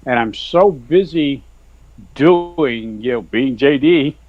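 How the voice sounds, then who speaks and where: Folksy, rambling author and guest, leans on "you know" and "sir", dry dull video-call sound. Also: male voice, mid-range voice, animated, slow pace, no echo. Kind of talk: earnest testimony in casual chat.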